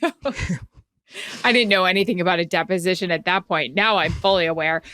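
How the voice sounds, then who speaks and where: A woman's voice: lowish voice, a little fast, fairly bright tone. A woman co-hosting a podcast, chatting playfully and nostalgically. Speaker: podcast co-host. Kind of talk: casual chat.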